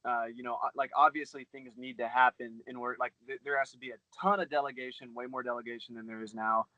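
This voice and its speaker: A man's voice: mid-range voice, steady tone, bright, forceful tone, no echo, lo-fi sound. A man talking casually as an interview guest, loose and chatty, with plenty of fillers and swearing. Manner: fast, loose, swears freely, many fillers. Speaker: guest, book reseller.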